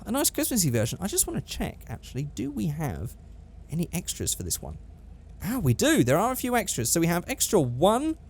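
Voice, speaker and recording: A man's voice: fairly high pitch, a little mellow. A young man giving casual, upbeat gameplay commentary, chatting and thinking aloud as he plays. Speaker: gaming YouTuber.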